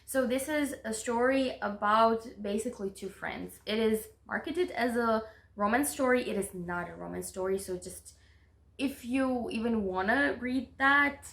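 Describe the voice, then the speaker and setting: A woman co-hosting a casual book chat, calm and earnest in how she describes a story. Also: a little high, unhurried, vocal fry. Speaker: booktuber co-host. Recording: echoey room.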